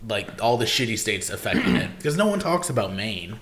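A man's voice: on the low side, sing-song, fairly quick, noisy background. A young man co-hosting a podcast, talking casually and swearing freely. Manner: laid-back, swears freely. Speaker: podcast co-host. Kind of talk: casual chat.

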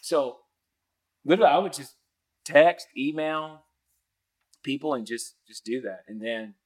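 Male podcast guest, mid-pitched, lively storyteller who jumps up in pitch for quoted voices and laughs a lot. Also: measured pace. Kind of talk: casual storytelling.

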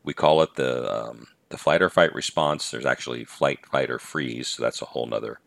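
A man's voice: a bass voice, normal speed, gravelly, a bit bright, no room sound. A middle-aged man hosting a podcast, giving an earnest talk on patience in numbered points. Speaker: podcast host and teacher-coach.

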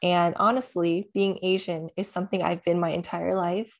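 A woman's voice: lowish voice, little pitch movement, normal speed, gravelly. A young woman co-hosting a podcast, chatting casually, rambling and laughing often. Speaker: podcast co-host. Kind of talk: casual chat.

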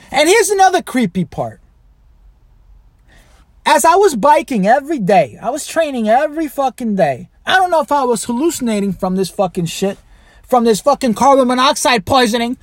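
Man, high voice, lively swings in pitch, profane rambling storyteller, dry close sound. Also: dry recording. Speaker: podcast host. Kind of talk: casual monologue.

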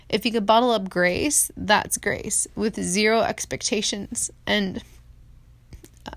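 A woman's voice: mid-range voice, fairly bright tone, no echo. Emotional woman in her forties rambling. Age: 40s. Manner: emotional, rambling, tearful at times. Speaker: podcast host. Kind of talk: off-the-cuff personal monologue. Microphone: phone held in hand.

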